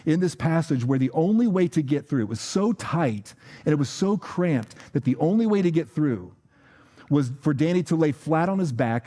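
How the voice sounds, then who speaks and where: Mellow-voiced male pastor preaching. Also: a little high. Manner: conversational storytelling with frequent fillers and repeated words. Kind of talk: sermon. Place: church.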